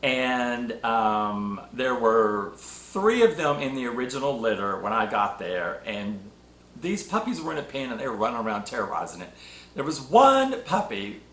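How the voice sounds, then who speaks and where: Guy sharing an emotional spiritual story, middle pitch, room echo all around. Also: a little hiss or hum. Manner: emotional, animated storytelling with laughs. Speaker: podcast host. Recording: echoey room.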